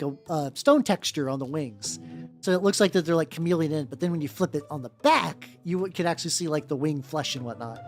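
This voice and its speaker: A VTuber chatting casually while painting miniatures, rambling and profane, full of fillers and restarts. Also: medium pitch. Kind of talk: casual live-stream chat while working. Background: faint background music.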